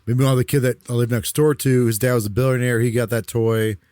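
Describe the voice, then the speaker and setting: A man's voice: medium pitch, flat delivery, fast talker, a little mellow. A man co-hosting a podcast, chatting casually about a movie with wry asides. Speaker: podcast co-host.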